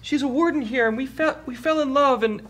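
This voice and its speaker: A man voicing a frail, timid male orc prisoner who stammers and pleads in a high voice. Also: brisk, a bit bright, slight background noise. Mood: anxious.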